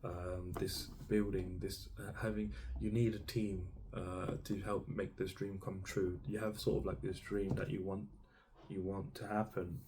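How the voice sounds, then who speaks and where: Deep, flat-voiced man giving a tarot reading. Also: unhurried, noisy background. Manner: meandering, hesitant, with frequent ums and restarts; speaks directly to the listener as "you". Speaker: tarot reader. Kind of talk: intuitive tarot reading to viewers.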